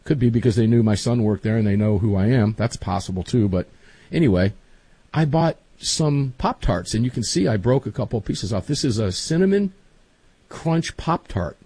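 Chatty middle-aged man, husky and lively. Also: medium pitch, moderate pace, no room sound. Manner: chatty, rambling, emphatic. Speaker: podcast host. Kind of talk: casual chat.

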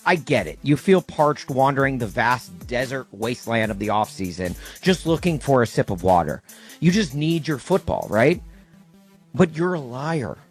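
A man co-hosting a podcast, delivering a mock-outraged, sarcastic rant with silly quoted voices. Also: mid-range voice. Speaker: podcast co-host. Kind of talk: comedic rant segment.

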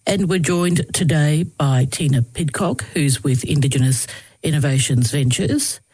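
A woman's voice: low voice, a little slow, warm tone, husky, dry recording. A woman hosting a community radio interview, asking friendly, probing questions. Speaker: radio host.

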